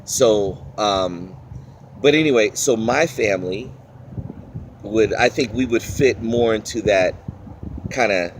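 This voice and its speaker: A man's voice: fairly low pitch, takes it slowly, pauses often, a little hiss or hum. A man with a Washington DC accent, rambling and searching for words as he talks through an accent-challenge vlog. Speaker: vlogger.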